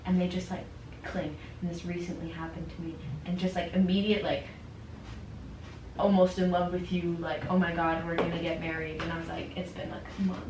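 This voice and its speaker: A young woman chatting casually and telling animated stories, with constant "like" fillers. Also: lowish voice, normal speed. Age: young adult. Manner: animated storyteller, full of "like". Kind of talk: casual chat. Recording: roomy, distant mic, faint noise.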